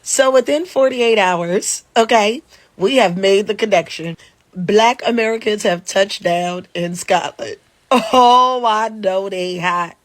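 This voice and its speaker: A woman's voice: lowish voice, no room sound. A woman chatting exuberantly for social media, laughing and swearing. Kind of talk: casual social media chat.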